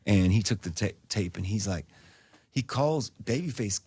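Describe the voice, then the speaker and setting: Low-voiced man telling stories, dry studio. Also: moderate pace, husky, no echo. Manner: relaxed, conversational, acts out quotes in lively voices. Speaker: guest singer-producer. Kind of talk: casual interview storytelling. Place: radio station studio.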